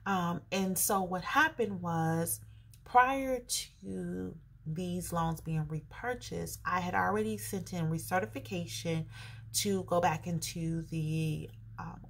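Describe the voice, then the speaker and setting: A woman vlogger telling a casual, animated story to her viewers, acting out both sides of her phone calls. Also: fairly low pitch, slow, creaky, a little hiss or hum. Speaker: personal finance vlogger.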